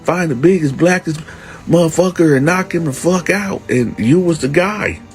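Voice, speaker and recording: A man doing a scared young country inmate from Alabama, his voice pushed up high into a nervous, pleading whine. He rambles and begs, over a faint bed of music. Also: lively intonation, normal speed. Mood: explaining.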